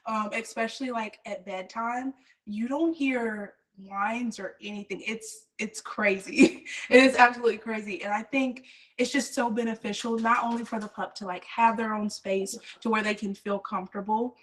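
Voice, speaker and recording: A woman's voice: a little high, fairly even intonation, moderate pace, poor audio. A woman who works at the place, chatting casually with many fillers. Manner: chatty, lots of "like" and "um", laughs easily. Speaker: staff member. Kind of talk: casual chat.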